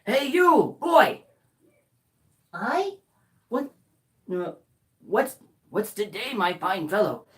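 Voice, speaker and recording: Woman doing a reformed old miser, stammering and gleeful, slow, swooping voice. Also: medium pitch, animated. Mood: eager. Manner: stammering, breathless glee. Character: old male miser, newly giddy and kind. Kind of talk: live storytelling.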